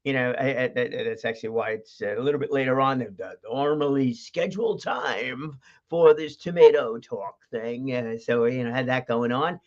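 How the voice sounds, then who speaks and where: A man's voice: mid-range voice, normal speed. A man hosting a casual livestream, rambling with fillers and laughs. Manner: chatty, laughs often, many fillers and restarts. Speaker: host of a livestream show. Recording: dull lo-fi stream audio.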